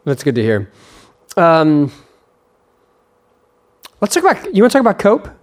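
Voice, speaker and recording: A man's voice: fairly high pitch, huge pitch swings, normal speed. A man hosting a podcast in casual chat, teasing his guest and talking loosely with lots of fillers. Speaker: podcast host.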